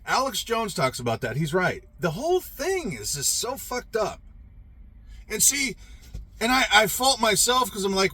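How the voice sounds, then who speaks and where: A man's voice: sits high, very animated, moderate pace, bright, forceful tone. A man ranting in a profane, rambling monologue about his service days.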